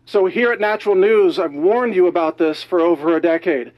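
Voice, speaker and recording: A man delivering an urgent, alarmed news monologue, slightly out of breath, talking rapidly and emphatically. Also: high voice, lo-fi sound. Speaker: news commentator.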